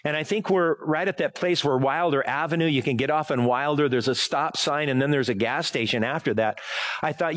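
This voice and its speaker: A man's voice: a little high, moderate pace, a bit bright. Chatty pastor man. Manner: rambling, chatty, many fillers and self-corrections. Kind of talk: casual sermon with personal story.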